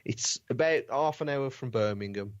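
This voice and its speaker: A man chats with a thick Black Country accent, clipping letters and running words together. His voice sits at an ordinary pitch, heard dry and close through a dull, low-fidelity line. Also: normal speed, no room sound. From Black Country, West Midlands, England. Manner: drops letters, slurs and speeds words. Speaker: podcast guest. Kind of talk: casual chat. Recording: dull lo-fi sound.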